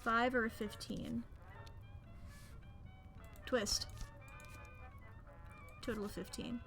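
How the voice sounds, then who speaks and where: Bright-voiced woman streaming a game. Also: on the high side, drawn-out words, soft background music. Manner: animated, melodramatic reactions to the game. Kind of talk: let's-play commentary, reading game text aloud.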